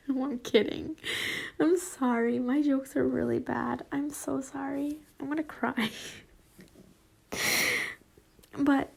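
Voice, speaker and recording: A young woman reads fanfiction aloud at an unhurried pace, her high voice carrying a gravelly edge. She rambles off topic, giggling and apologizing between passages. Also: steady tone. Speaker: fanfiction reader. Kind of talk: casual reading with chatty asides.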